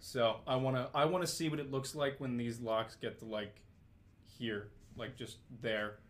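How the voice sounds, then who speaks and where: A man's voice: medium pitch, flat delivery, moderate pace, fairly bright tone. A man co-hosting a podcast in casual chat, reading donations and rambling with jokes and restarts. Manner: joking, rambling, frequent fillers and restarts. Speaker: podcast co-host.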